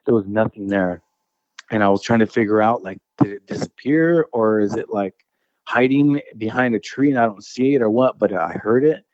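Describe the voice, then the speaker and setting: A man's voice: fairly low pitch, moderate pace, a little mellow, no echo, dull audio. A man casually telling a personal encounter story as a guest. He rambles, restarts his phrases and keeps saying dude and bro.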